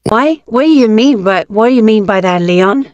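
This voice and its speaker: A woman's voice: medium pitch, expressive, moderate pace, a little mellow, no room sound, muffled recording, lightly acted. A woman playing a panicked young wife who stammers and gets flustered in a casual fan roleplay.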